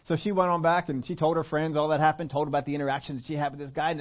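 A man's voice: a little high, steady tone, quick pace. Preacher man telling a story. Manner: chatty, quizzes the audience, frequent restarts. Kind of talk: storytelling sermon. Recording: dull lo-fi recording.

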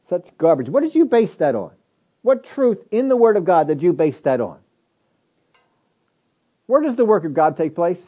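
A man's voice: big pitch swings, normal speed. Emphatic preacher man, dull lo-fi sound. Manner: emphatic, swings between loud stresses and low asides; asks many rhetorical questions. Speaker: pastor. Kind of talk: sermon.

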